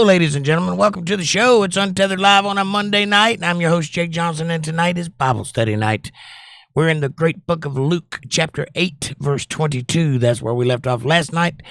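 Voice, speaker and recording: Hoarse, gravelly man hosting a livestream. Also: on the high side, fairly bright tone, dry recording, studio quality. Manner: friendly, greets viewers by name. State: hoarse, nearly losing his voice. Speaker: livestream Bible study host. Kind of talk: casual chat reading live comments.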